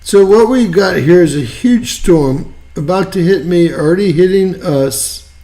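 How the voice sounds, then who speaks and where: A man's voice: high-pitched, expressive, unhurried, dark tone. A man hosting an online news show, giving rambling, folksy weather commentary and repeating himself. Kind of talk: casual weather commentary over a map.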